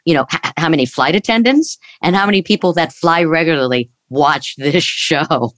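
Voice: medium pitch, moderate pace, fairly bright tone, dry recording, studio quality. A co-host and former stand-up comic telling stories in a casual interview, sometimes hesitating with fillers.

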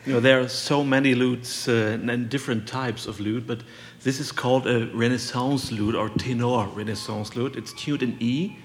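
A man's voice: medium pitch, fairly even intonation, normal speed, hardly any pauses. Non-native guy musician, groping for words, long hall reverb, faint hiss. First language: not English. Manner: searches for words, many uhs, light humor. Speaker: guest musician. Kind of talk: casual interview chat.

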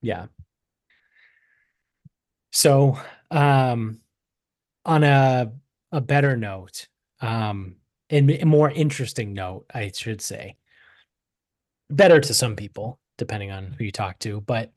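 A man's voice: medium pitch, takes it slowly, long pauses, a little mellow, dry recording, studio quality. A man co-hosting a podcast in casual chat, telling a story in a rambling way with swearing and mocking asides. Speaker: podcast co-host.

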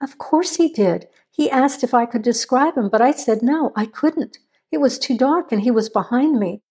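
A woman's voice: a little high, lively intonation, normal speed, mellow, husky, voice pushed up. A woman voicing an anxious young woman who pleads and gets defensive.

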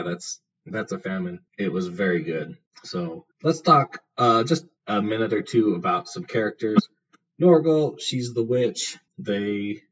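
A man's voice: fairly low pitch, husky. A man hosting a solo book review podcast, talking in a casual, rambling way full of fillers. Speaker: podcast host. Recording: distant, dull lo-fi with faint noise.

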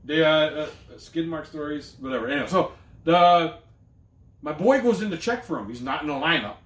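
A man with a slightly high voice spins a long, profane story for his co-host, pausing and circling back as he talks. The room around him rings with echo. His delivery is loose, animated and casual. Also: slight background noise. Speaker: podcast co-host. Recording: echoey room.

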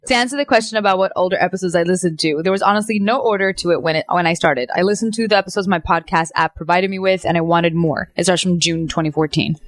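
A woman's voice: lowish voice, fast, few pauses, no echo. A woman co-hosting a podcast, laughing easily and reading listener mail aloud. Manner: giggly, reading an email aloud. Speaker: podcast co-host. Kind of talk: casual podcast banter.

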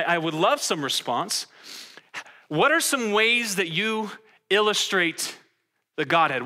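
A man preaching with a very bright, forceful tone, drawing his congregation in with questions. His pitch sits a touch high for a man, and his delivery stays lively and interactive. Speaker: pastor. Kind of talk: interactive sermon teaching.

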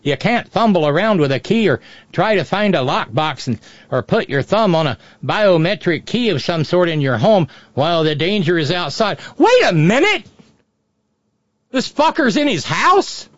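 A man's voice: on the high side, animated, moderate pace, dry recording. A man giving off-the-cuff political commentary, sardonic and profane, rambling with frequent restarts. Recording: dull, dry lo-fi audio.

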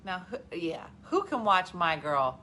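Animated chatty woman with a bright voice. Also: lowish voice, a little slow, a little hiss or hum. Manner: animated, acts out her own reactions in big swoops. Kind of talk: casual chat.

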